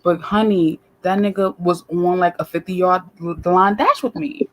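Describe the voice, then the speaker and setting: A woman guest telling a story in a casual way, animated and profane, acting out other people's voices. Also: on the low side, a little slow.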